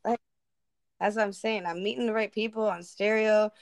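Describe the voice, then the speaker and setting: A woman's voice: medium pitch, fairly even intonation, moderate pace, gravelly, a little hiss or hum. A young woman chatting casually and bluntly, swearing freely and laughing often. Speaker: co-host of a live audio chat. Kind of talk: casual chat.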